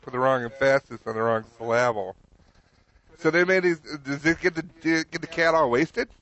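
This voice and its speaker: A man's voice: mid-range voice, fairly even intonation, moderate pace, fairly bright tone, highs cut off. A man co-hosting a comedy podcast in a wry, playful manner. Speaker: podcast co-host. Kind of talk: casual comedy chat.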